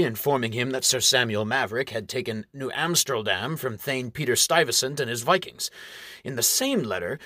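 A man's voice: medium pitch, bright, forceful tone, dry recording, studio quality. A man reading the part of a smug, scheming baron who lectures and monologues about his plans. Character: scheming gloating ambitious male baron, middle-aged. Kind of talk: audiobook character reading.

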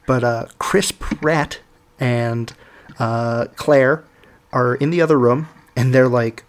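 Male co-host, mid-pitched voice, meandering plot recap full of "uh" and restarts. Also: a little slow. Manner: rambling plot recap, hesitant fillers. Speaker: podcast co-host. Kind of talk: casual chat.

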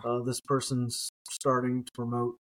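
A man's voice: mid-range voice, completely flat delivery, measured pace, a bit bright, low-quality recording. A man in a Bible study podcast tells a story in a casual, conversational way. He presses his point with rhetorical question after rhetorical question. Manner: conversational, telling an anecdote with repeated rhetorical questions. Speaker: biblical scholar co-host.

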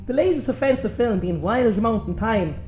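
An Irish woman opening a film podcast with loud, teasing comic patter. Her voice sits slightly high, and she leans hard into the exaggerated Irish bluster. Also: lively intonation, moderate pace, roomy sound, faint music behind. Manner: hammy stage-Irish banter, brash and teasing. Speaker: podcast co-host.

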